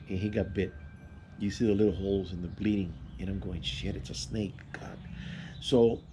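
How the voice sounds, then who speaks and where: Low mellow man telling a rambling story. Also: a little hiss or hum. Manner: rambling, halting, many restarts and fillers. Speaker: vlogger. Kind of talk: casual personal storytelling.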